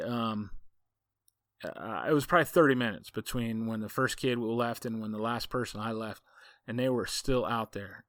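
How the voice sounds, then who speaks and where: A man's voice: mid-range voice, fairly bright tone, dry recording, clean studio sound. A man, a football coach hosting a podcast, telling a story in a casual, folksy, rambling way full of asides.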